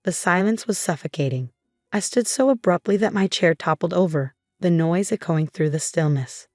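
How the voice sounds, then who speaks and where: Low-voiced woman reading a story. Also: moderate pace, darkish tone, no echo, studio quality, faint music behind. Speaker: narrator. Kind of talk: first-person storytelling.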